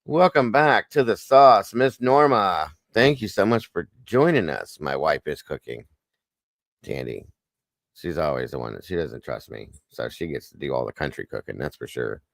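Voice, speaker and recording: Low-voiced man chatting on a livestream. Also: animated, moderate pace, vocal fry, no echo, studio quality. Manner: chatty, greets viewers by name. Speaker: livestream host. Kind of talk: casual livestream chat.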